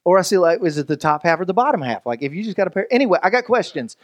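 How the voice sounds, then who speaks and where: A man's voice: sits high, big pitch swings, very fast, dry recording, dull audio. A male pastor preaching a sermon in a loose, conversational way, joking with the congregation and often restarting his sentences.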